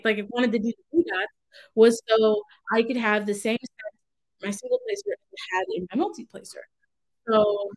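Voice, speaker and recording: Here a woman crafter speaks from home on her channel in a mid-range, slightly bright voice, captured on a rough recording. It's a loose, irritated vlog rant full of self-interruptions.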